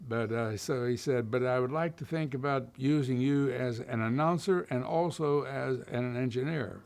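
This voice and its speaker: An older man from Kentucky recalls his early career in an unhurried, rambling way, full of "uh"s and restarts. His voice sits at an ordinary middle pitch for a man. He sounds like a seasoned storyteller in a sit-down interview. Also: gravelly. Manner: relaxed storytelling with many fillers and restarts. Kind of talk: oral history interview.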